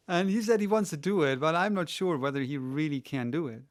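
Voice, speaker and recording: A man's voice: on the high side, fairly quick, hardly any pauses. A man answering listener questions in a casual, rambling way, often restarting and adding "right". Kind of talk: casual spoken Q&A.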